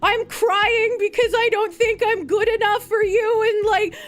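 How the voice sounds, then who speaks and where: A woman voicing a panicky, self-pitying young man who rushes through whiny, tearful apologies. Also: very high-pitched, fairly even intonation, voice pushed up.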